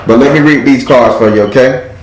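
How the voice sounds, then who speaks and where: A man's voice: mid-range voice, brisk, roomy sound, a little hiss or hum, poor audio. Blunt streetwise man reading cards. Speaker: tarot reader. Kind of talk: live spiritual card reading.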